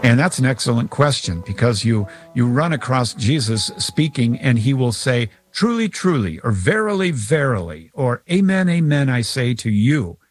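A man's voice: mid-range voice, sing-song, normal speed, few pauses, soft background music. A man teaching about scripture in a conversational way, acting out his examples. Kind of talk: explanatory talk.

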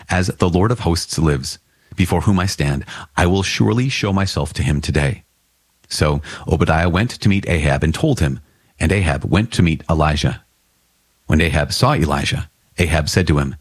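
A man giving a steady, measured scripture reading. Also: low voice, husky, no echo. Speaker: Bible reader.

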